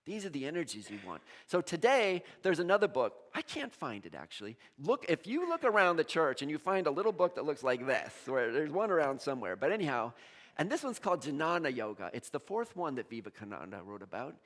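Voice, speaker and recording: A man preaching a sermon as pastor in a church, animated, acting out quoted voices and joking with the congregation. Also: a little high, fairly quick.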